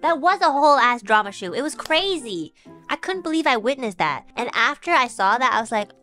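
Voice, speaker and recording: Bright, chatty young woman streamer. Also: on the high side, fairly quick, soft background music. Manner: rambling, animated, full of fillers and laughs. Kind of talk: casual storytelling to viewers.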